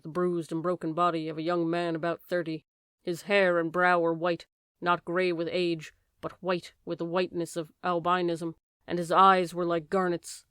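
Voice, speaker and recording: Low-voiced woman reading a classic novel. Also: smooth, no echo, clean studio sound. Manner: raises voice sharply for shouted lines. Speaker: audiobook narrator. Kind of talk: dramatic audiobook reading.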